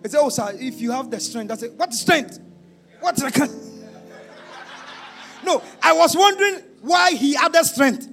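High-pitched, shouting preacher. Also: male voice, expressive, moderate pace, pauses often, over music. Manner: shouting and half-singing, then dropping to a low confiding tone. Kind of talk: sermon.

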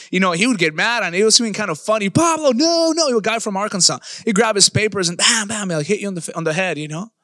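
Male pastor, high bright voice, emphatic sermon delivery, dry close sound. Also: no echo. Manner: emphatic, stretches key words, bursts into shouts.

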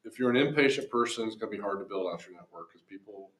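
A man hosts a podcast conversation in a measured, reflective manner, often affirming what his guest says. His voice is very low. The sound is roomy and echoey, picked up from well off the mic. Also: expressive, fairly bright tone. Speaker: podcast host. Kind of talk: casual conversational interview. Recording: echoey room, distant mic.

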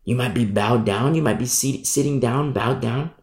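A man's voice: mid-range voice, moderate pace, echoey room. A man preaching a sermon in an emphatic way, repeating scripture lines for stress.

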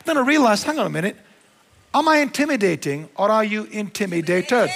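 High-voiced man preaching in a big hall. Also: fairly quick, gravelly, a crowd in the background, noisy background. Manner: animated preacher, mixing quiet low asides with raised emphatic lines. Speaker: pastor. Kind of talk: sermon. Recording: long hall reverb.

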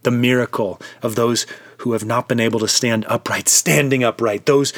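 A man's voice: medium pitch, no echo. Man telling a vivid devotional story. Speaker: preacher.

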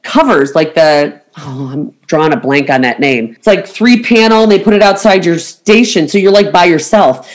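Chatty middle-aged woman telling stories. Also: mid-range voice. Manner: chatty storyteller, acts out quotes. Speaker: podcast host, travel agent. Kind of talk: casual chat.

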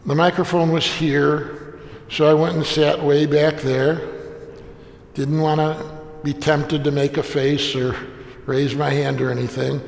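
A man's voice: a little high, creaky. A man, a priest, telling a humorous story about himself in a wry, self-deprecating way. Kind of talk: humorous anecdote told to an audience. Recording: echoey hall with long reverb.

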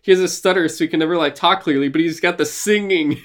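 Male podcast co-host, casual and animated, quick to laugh and mimic. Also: a little high. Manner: animated, laughing, acts out quotes. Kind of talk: casual gaming chat.

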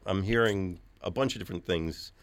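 A man's voice: low voice, brisk, no room sound. A man hosting a radio music show, talking casually with many fillers. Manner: loose, chatty, many fillers. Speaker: radio host. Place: radio studio.

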